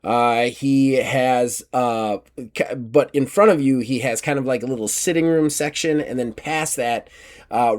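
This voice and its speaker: A man's voice: medium pitch, darkish tone. A man narrating a tabletop game as game master, rambling with many fillers and restarts.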